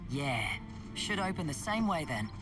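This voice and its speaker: A woman's voice: deep voice, big pitch swings, a little slow. An actress voicing a wry, easygoing woman companion in a video game, with a dry, teasing manner. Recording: distant, over game music.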